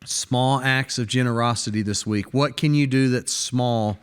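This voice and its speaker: A man's voice: medium pitch, steady tone, measured pace, clear, resonant tone. A man, a pastor hosting a church podcast, talking earnestly in a casual faith conversation and repeating words as he thinks aloud.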